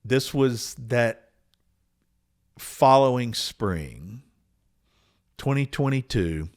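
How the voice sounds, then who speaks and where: A man, telling a personal story as a podcast host, earnest and unhurried, with small restarts. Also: mid-range voice, expressive. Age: 60s.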